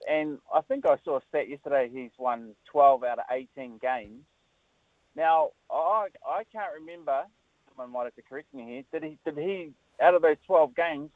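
Worked-up male caller, higher voice, dry tinny phone line. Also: dry recording. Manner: fired up, questioning. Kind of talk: phone-in call.

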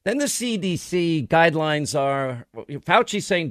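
A man's voice: a little high, lively intonation, measured pace, dry recording, clean studio sound. A middle-aged man hosting a radio talk show, talking bluntly and rambling with many restarts. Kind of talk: casual talk radio monologue.

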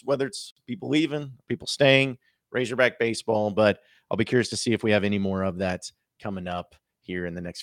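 A man's voice: fairly low pitch, no echo, studio quality. A man hosting a sports podcast, talking casually and with strong opinions, often restarting his sentences. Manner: opinionated, emphatic, with frequent restarts. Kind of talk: casual solo podcast commentary.

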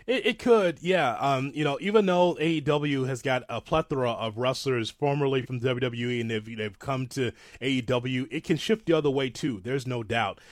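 Animated rambling man, dry sound. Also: mid-range voice, moderate pace, hardly any pauses, dry recording. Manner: animated, rambling, self-described old-school fan. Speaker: podcast co-host. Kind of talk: casual wrestling talk.

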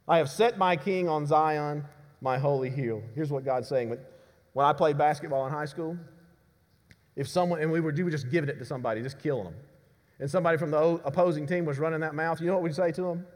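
Guy preaching, kinda high voice, big emphatic swings loud to quiet, lots of reverb from the church. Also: fast. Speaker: pastor. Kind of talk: sermon. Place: church sanctuary.

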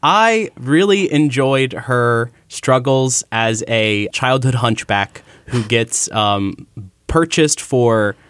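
A wry, playful man chatting on a podcast at a middle pitch. His voice is recorded close and dry, without room echo. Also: animated, takes it slowly, a bit bright, clean tone. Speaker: podcast panelist. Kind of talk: casual chat.

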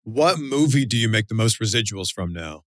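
A man's voice: on the low side, lively intonation, normal speed, no room sound, studio quality. A man hosting an interview, asking curious questions in an easygoing, casual way. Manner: curious, easygoing, laughs along. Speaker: interview host.

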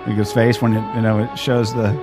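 A man hosting a podcast in casual chat, rambling and animated, swearing freely. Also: fairly low pitch, a little fast, music in the background. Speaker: podcast host.

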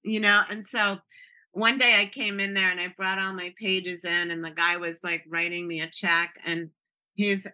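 A woman's voice: fairly low pitch, level tone, moderate pace, pushed and bright. A woman in her sixties, a guest telling stories in casual chat, often laughing and restarting her sentences.

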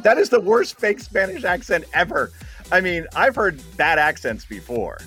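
A man hosting a radio talk show, sarcastic and quick to laugh at his own jokes while he cues up clips. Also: high voice, sing-song, sharp tone, faint music behind. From New Jersey.

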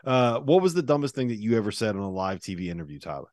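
A man hosting a casual sports talk show, with a brisk and wry way of talking. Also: fairly low pitch, big pitch swings, a little mellow, no echo, clean studio sound. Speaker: podcast host. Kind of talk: casual sports chat and read ad.

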